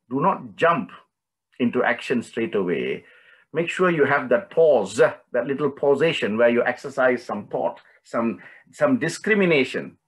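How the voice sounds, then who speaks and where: A man's voice: mid-range voice, rough recording. A man teaching a devotional scripture lesson, telling the story conversationally and often asking his listeners questions. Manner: conversational, frequent questions to the audience. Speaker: spiritual study teacher.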